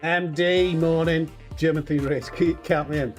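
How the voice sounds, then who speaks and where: A man's voice: fairly high pitch, fairly even intonation, unhurried, hardly any pauses, faint music behind. A man in his thirties hosting a live gaming stream, cheeky and jokey, laughing often and chatting with viewers. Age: 30s. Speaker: streamer host. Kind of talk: casual live-stream chat while gaming.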